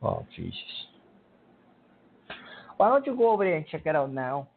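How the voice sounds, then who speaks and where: Gravelly high-voiced ranting radio host man. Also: wildly swooping pitch, moderate pace, a little hiss or hum. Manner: irritable, ranting, scolding callers. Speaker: radio call-in show host. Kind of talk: call-in talk radio. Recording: narrow phone-like sound.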